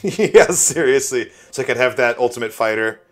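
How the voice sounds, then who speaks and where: A man playing a tabletop role-playing game, talking in an animated way and laughing often. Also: medium pitch, normal speed, soft background music. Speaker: player. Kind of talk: casual tabletop role-play.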